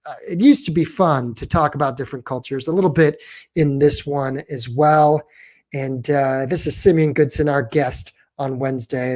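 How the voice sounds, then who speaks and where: Low-voiced woman podcast host rambling. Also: a little mellow. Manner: rambling, filler-heavy. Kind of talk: casual podcast update.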